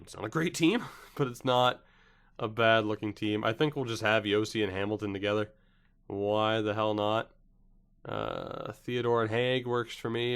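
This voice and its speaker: A man's voice: lowish voice, fairly bright tone, clear, resonant tone. A young man casually commenting on a hockey video game he is playing, chatty, with wry asides and frequent self-corrections. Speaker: gaming YouTuber.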